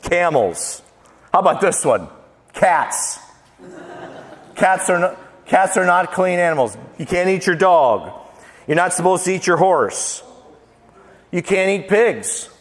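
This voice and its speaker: A high-voiced man preaches a casual, funny sermon, folksy and full of jokes, with plenty of animation. He goes slowly with long pauses and rattles off lists with playful emphasis. The church sanctuary gives it a long, hall-like reverb.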